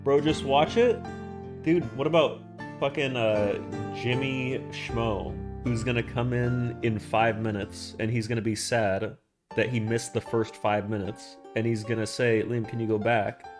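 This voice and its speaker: A man's voice: mid-range voice, steady tone, a little slow, over music. A man streaming live, chatting casually and rambling, swearing often and answering his chat. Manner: rambling, profane, talking back to chat.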